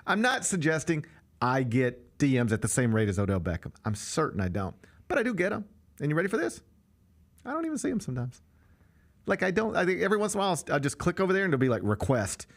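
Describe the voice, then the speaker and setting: A man's voice: on the high side, sing-song, fast. A man hosting a sports talk show, chatting casually and with strong opinions, acting out quotes with big swings in his voice. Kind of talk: casual sports radio chat.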